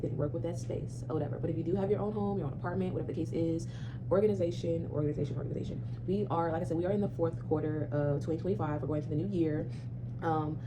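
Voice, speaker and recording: A woman's voice: on the low side, background noise. A young woman chatting casually to camera in her small apartment, repeating herself and swearing now and then. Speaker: vlogger.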